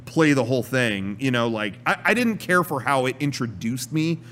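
A man co-hosting a casual podcast chat about video games, animated and prone to acting out gameplay. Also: medium pitch, moderate pace. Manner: animated, acts out gameplay with loud exclamations. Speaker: podcast co-host.

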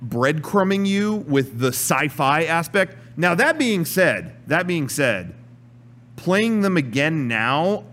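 A man co-hosting a casual podcast chat about video games, animated and prone to acting out gameplay. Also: a little high, takes it slowly. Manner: animated, acts out gameplay with loud exclamations. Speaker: podcast co-host.

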